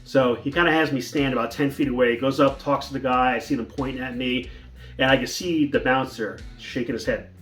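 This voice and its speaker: A man's voice: medium pitch, steady tone, a little fast, a bit bright, faint music behind. A man telling a personal story in a casual vlog, rambling with restarts and fillers. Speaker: vlogger.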